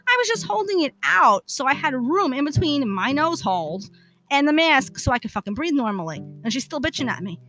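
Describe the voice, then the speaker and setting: A woman's voice: high-pitched, sing-song, fairly quick, sharp tone, faint music behind. A woman hosting a podcast, telling a personal story in a profane, exasperated rant. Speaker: podcast host.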